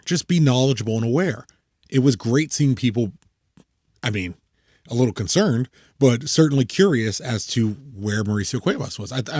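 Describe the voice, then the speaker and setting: A man co-hosting a podcast, swearing freely and telling animated stories before giving soccer commentary. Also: lowish voice, dry recording, clean studio sound. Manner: profane, animated storytelling, emphatic. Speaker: podcast co-host. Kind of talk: casual chat and soccer commentary.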